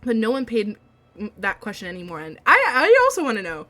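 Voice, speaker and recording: A woman streamer reading a visual novel aloud, breaking into gushing, excitable outbursts. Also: fairly high pitch, a little fast.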